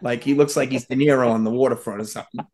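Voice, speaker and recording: A man's voice: mid-range voice, fairly even intonation, racing, darkish tone, slight background noise. A man on a podcast telling a long story in a rambling way, full of fillers and restarts. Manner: rambling, full of "like" and "you know". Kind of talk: casual storytelling chat.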